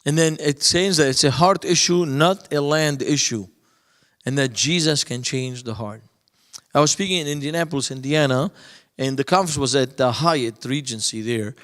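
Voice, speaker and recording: A man's voice: medium pitch, normal speed, fairly bright tone. Man speaking in a reverberant hall. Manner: storytelling, acting out both sides of dialogues. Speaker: conference speaker. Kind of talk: lecture with anecdotes.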